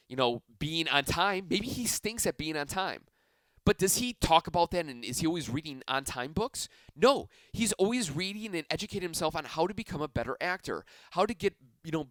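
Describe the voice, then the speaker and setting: A man's voice: a little high, dry recording. A man hosting a self-help podcast, talking energetically and casually, stretching key phrases for emphasis. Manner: energetic, enthusiastic, conversational. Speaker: podcast host.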